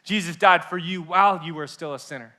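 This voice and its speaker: Bright-voiced, impassioned male youth pastor. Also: on the high side, fairly quick. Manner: impassioned, swings between loud and hushed; acts out listeners' inner voices. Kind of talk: sermon.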